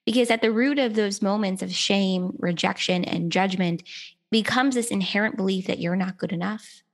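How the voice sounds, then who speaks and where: A woman's voice: medium pitch, normal speed. A woman hosts a conversational podcast, reflecting thoughtfully on what her guest has shared. Her tone is affirming and sincere. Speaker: podcast host.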